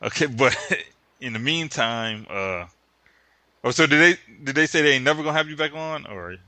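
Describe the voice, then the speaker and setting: A man's voice: mid-range voice, animated, moderate pace, bright, forceful tone, dry recording. A man hosting a radio call-in, cutting in with questions in a casual way. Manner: questioning, interjecting, laughing. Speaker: radio host.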